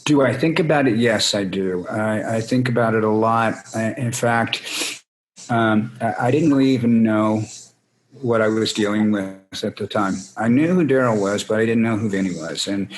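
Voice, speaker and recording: A man's voice: on the low side, moderate pace, slight background noise, low-quality recording. A man, a band frontman, telling rambling, salty anecdotes in an interview and acting out other people's voices. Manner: rambling anecdotes, acts out voices in quotes, swears freely. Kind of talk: casual storytelling interview.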